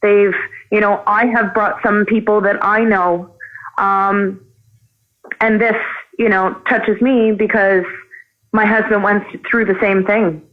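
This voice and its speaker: A woman's voice: mid-range voice, little pitch movement. Earnest woman on a tinny phone line. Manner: earnest, halting with many fillers. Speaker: phone-in guest, farm owner. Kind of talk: phone call on a livestream.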